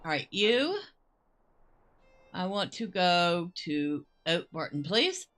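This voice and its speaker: A woman's voice: lowish voice, very animated, a bit bright, soft background music. A woman giving casual, chatty gameplay commentary as she plays, musing aloud as she goes. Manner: chatty and unhurried, muses aloud, laughs easily. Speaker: gameplay host.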